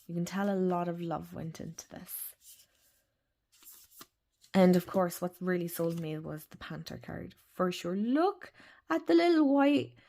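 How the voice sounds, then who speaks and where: Irish woman rambling on about card decks, all gushy and chatty, voice sits a bit low. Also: lively intonation, a little slow, creaky, mellow. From Ireland. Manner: gushing, chatty, rambling with fillers. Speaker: tarot and oracle deck channel host. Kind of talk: casual deck review chat.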